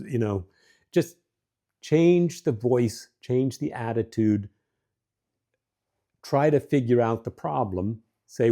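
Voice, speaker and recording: A middle-aged man hosting a show, giving marriage advice in a relaxed, conversational way with frequent fillers. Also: mid-range voice, unhurried. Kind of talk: casual advice talk.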